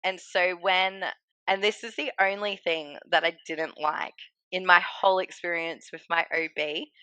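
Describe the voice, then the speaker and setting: Bright, chatty woman telling a story. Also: lowish voice, fairly even intonation, measured pace, clear, resonant tone, no room sound. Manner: chatty, laughs often, acts out what people said. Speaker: guest sharing her birth story. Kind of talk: casual storytelling interview.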